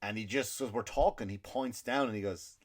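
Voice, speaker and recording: A man's voice: on the low side, fairly quick. A male comedian hosting his podcast, telling a rambling, profane story with indignant asides.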